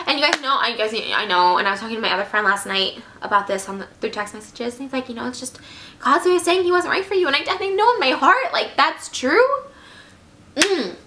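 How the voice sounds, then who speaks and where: A woman's voice: high voice, animated, fast, pushed and bright, a little hiss or hum. Tearful heartbroken young woman vlogging. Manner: tearful, rambling, filler-heavy. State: heartbroken, near tears. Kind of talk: emotional confessional vlog.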